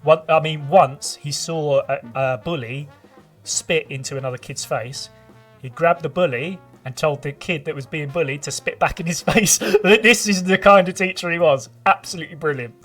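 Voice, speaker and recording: A man's voice: a little high, moderate pace. A man co-hosting a casual tabletop gaming podcast, telling stories in a rambling way with frequent laughter. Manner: rambling, laughing, lively storyteller. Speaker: podcast co-host and game master. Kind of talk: casual chat. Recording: distant from the mic with faint music.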